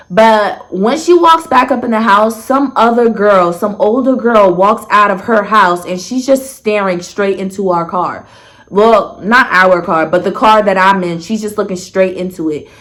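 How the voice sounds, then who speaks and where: Blunt, sarcastic young woman telling a story. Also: unhurried. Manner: candid, blunt, sarcastic, swears freely; animated, jumps pitch for emphasis. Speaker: storyteller vlogger. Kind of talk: casual storytime chat.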